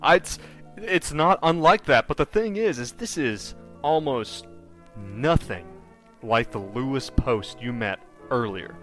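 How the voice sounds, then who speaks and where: A man's voice: mid-range voice, expressive, measured pace, fairly bright tone, faint music behind. A man narrating a tabletop horror game as game master, rambling and descriptive with many fillers.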